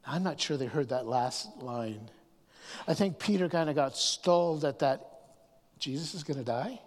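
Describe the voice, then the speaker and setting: A man preaching a sermon, often restarting his words and swinging from hushed asides to raised emphasis. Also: a little high, normal speed. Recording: long hall reverb.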